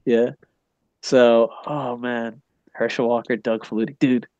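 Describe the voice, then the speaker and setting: A man's voice: mid-range voice, little pitch movement, slow pace, a little mellow, dry recording, muffled recording. A middle-aged man hosting a casual wrestling podcast, rambling and swearing with big enthusiasm and asking "you know what I mean?" again and again. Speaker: podcast host. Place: Japan.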